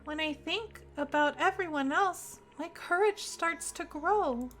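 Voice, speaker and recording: A timid, gentle AI girl from a visual novel, read aloud by a streaming woman, lifted noticeably higher than the reader's own voice. She speaks softly and earnestly with a bright tone and slow pace. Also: faint music behind.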